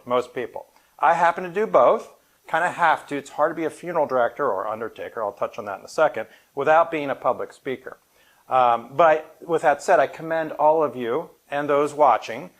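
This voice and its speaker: Chatty middle-aged male funeral director. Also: mid-range voice. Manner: conversational and anecdotal, with light humor. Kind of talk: live public talk to an audience. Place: event room at a funeral home, with an audience present.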